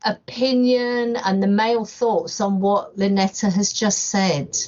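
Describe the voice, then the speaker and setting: A woman's voice: medium pitch, steady tone, unhurried, darkish tone. A woman hosting a podcast, asking questions in a curious, conversational way. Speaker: podcast host. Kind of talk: podcast interview. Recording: dull lo-fi sound.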